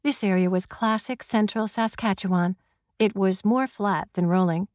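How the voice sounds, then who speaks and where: Woman, audiobook narrator, wry conversational storytelling, mid-pitched voice, dry close recording. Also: normal speed, a little mellow, dry recording. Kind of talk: first-person audiobook narration.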